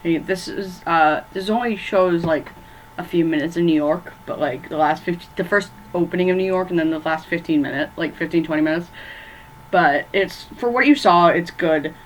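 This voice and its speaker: Her voice is on the low side and her pace moderate, with poor audio carrying a little hiss or hum. She's casually ranking horror movies from her bedroom, wandering off track, using many fillers, and losing hold of names.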